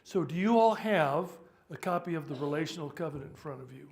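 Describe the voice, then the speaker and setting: A man in his seventies, a priest, giving a loose, joking workshop talk and pausing to sort out practical matters. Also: fairly high pitch, expressive, gravelly, crowd noise. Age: 70s. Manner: chatty, joking, stops to sort out sound. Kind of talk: informal teaching talk.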